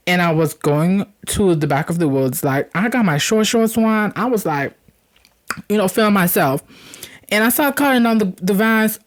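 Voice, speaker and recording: A young man hosts a storytelling channel, telling a spooky tale in a chatty, animated way with joking asides. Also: fairly high pitch.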